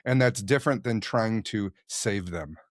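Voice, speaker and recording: Male podcast host, low voice, dry close mic; reflective, conversational. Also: measured pace, no echo. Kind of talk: casual interview conversation.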